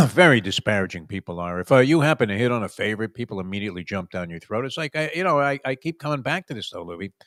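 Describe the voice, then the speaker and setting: A man's voice: fairly low pitch, animated, fast talker, few pauses, a bit bright, no room sound, clean studio sound. Wry, rambling male sports talk host. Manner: wry, sarcastic, rambling with many fillers.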